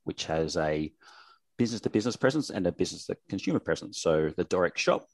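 Aussie sponsorship guy, really deep voice, bone dry mic, upbeat explaining. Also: lively intonation, quick pace, gravelly, no echo. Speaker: sponsorship manager guest. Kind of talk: casual interview.

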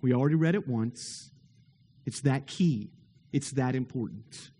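In a large hall with long reverb, a pastor preaches earnestly and emphatically, his mid-range voice unhurried, warm, and slightly breathy. He builds his points through repeated phrases and rhetorical questions.

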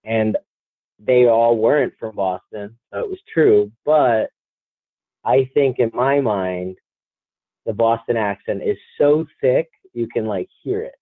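A man's voice: fairly low pitch, slow pace, no room sound. A young man from New Jersey with a New Jersey accent, co-hosting a casual podcast chat and rambling through stories with quoted back-and-forth. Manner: rambling, quotes people in mock dialogue. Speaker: podcast co-host. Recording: dry tinny phone-like line.

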